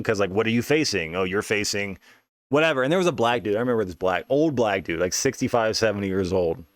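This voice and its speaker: A man's voice: mid-range voice, no echo, clean studio sound. A man telling a story in a casual, rambling, profane way, often saying "you know what I mean". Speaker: podcast host.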